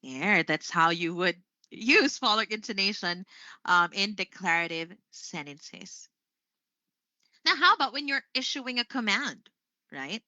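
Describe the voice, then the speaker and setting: A woman's voice: mid-range voice, sharp tone, dry recording. A woman from the Philippines teaching English online, chatty, with frequent fillers and self-corrections. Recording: dry, slightly muffled sound.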